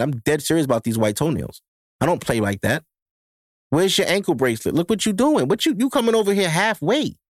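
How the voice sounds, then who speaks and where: A man's voice: fairly high pitch, dry recording, clean studio sound. A man hosting his own podcast, delivering a profane, emphatic solo rant that lectures his listeners. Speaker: podcast host.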